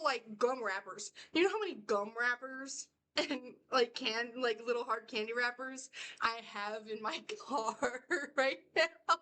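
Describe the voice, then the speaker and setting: A woman's voice: a little high, pushed and bright. A woman rambling through a casual reaction video, laughing often and circling back on her points. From United States. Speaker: reaction vlogger.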